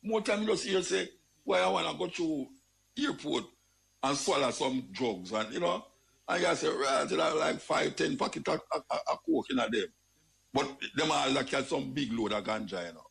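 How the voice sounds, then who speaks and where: Gravelly Jamaican man, animated monologue. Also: fairly high pitch, normal speed. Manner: animated, exclaiming, repeating phrases. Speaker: radio talk host. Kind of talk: casual monologue.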